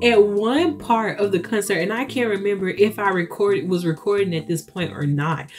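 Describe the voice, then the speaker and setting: A young woman tells a storytime to her viewers in a casual, gushing way. Her voice sits at a middle pitch and keeps jumping up when she gets excited, with giggles scattered through. Faint music plays quietly behind her. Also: moderate pace. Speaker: vlogger.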